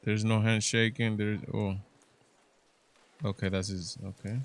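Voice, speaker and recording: A man's voice: on the low side, little pitch movement, unhurried, smooth. A man hosting a casual political livestream, rambling with lots of fillers and restarts. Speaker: livestream show host. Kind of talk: casual commentary with chat reading.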